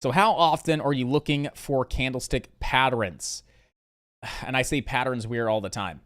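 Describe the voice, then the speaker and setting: A man's voice: medium pitch, normal speed, fairly bright tone. A man hosting a live day-trading stream. He answers viewer questions in a loose, rambling way, with lots of fillers, and repeats his key points in lists.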